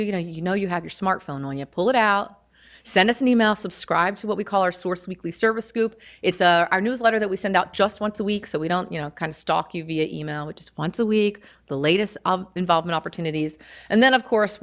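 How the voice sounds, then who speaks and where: A woman with a Baltimore accent talks to a roomful of newly admitted students. Her delivery is upbeat and conversational, with a voice of ordinary pitch. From Baltimore, Maryland. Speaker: campus service office presenter. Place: lecture hall.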